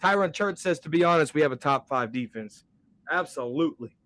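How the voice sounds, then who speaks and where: A man hosting a live-stream sports talk show, talking with animated energy and reading viewer comments aloud. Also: fairly high pitch, fairly quick.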